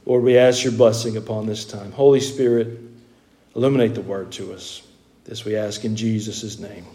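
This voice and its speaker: A man with a Southern US accent, a pastor preaching a sermon to his congregation in church, reading scripture in a slow, measured cadence and then preaching with folksy humor. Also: mid-range voice, dark tone. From American South.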